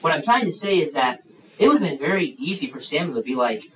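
Speaking fast in a slightly high voice, a man delivers an animated children's sermon at a youth camp, voicing the characters and questioning the kids. The rough recording, made far from the mic in a large campground room, sounds roomy and carries some hiss or hum.

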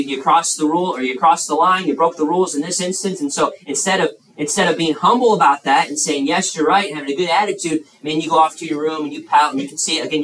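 Youth preacher, male, slightly high voice, lively and stumbling, recorded from off-mic in a roomy hall. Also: distant mic. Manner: animated, acts out characters, frequent restarts. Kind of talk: sermon to young people.

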